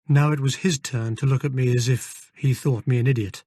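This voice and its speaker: A man narrating a story in the first person, measured and even. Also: medium pitch, no room sound. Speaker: audiobook narrator. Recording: dry close studio recording.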